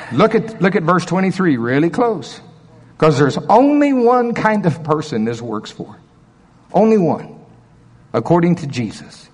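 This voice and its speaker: A man preaching a sermon, telling stories with big swings from quiet low murmurs to loud high exclamations. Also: big pitch swings, normal speed, in a large hall.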